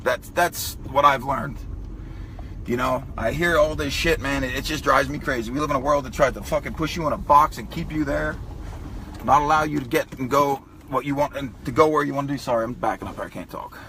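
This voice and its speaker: A man's voice: mid-range voice, steady tone, a little fast, pushed and bright, slight background noise. Tearful, swearing man in a car. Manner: emotional, profane, tearful. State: crying. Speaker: vlogger. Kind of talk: emotional personal vlog.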